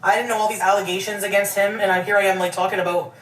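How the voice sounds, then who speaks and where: A woman's voice: medium pitch, level tone, rapid-fire, fairly bright tone. A woman chatting on a livestream in a dramatic, defensive way, often laughing. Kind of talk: livestream chat. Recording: echoey, distant, noisy clip.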